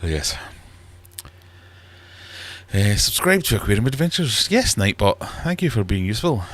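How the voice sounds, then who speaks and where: A man's voice: fairly low pitch, sing-song, normal speed, dry recording. A middle-aged man hosting a casual livestream chat from his fish room, rambling and self-deprecating. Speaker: livestream host. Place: small warm fish room at home.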